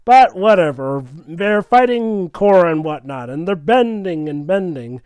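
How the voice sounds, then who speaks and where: A man with a very high, animated voice rants sarcastically about a cartoon episode. The sound is dry and close. He talks in casual, exasperated bursts. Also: unhurried, clear, resonant tone, no room sound. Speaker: commentator. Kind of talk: casual commentary over an episode.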